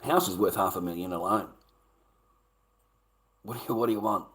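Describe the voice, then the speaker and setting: An Australian man talking straight to his viewers in a rambling, profane monologue, repeating himself and swinging between loud rants and low mutters. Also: normal speed.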